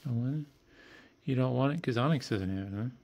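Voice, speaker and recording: A cat owner filming and talking to their pets in a cooing, affectionate voice with soft laughs. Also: mid-range voice, brisk. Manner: cooing, affectionate pet talk.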